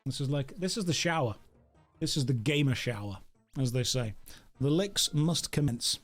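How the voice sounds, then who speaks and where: A streamer chats casually and jokingly while gaming, talking both to his dog and to his viewers. His mid-range voice is expressive at a moderate pace, with soft background music.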